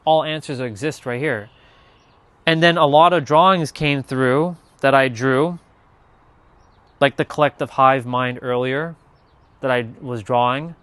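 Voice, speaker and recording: A man's voice: medium pitch, a little slow, long pauses, fairly bright tone, clear, resonant tone, no room sound. A man telling a personal spiritual story, earnest and rambling, with many restarts and trailing phrases. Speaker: spiritual content creator.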